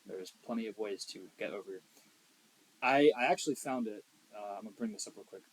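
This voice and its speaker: A young man co-hosting a podcast in casual chat, blunt and profane, swinging between loud emphasis and quiet asides. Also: fairly low pitch, brisk, husky, rough recording. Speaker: podcast co-host.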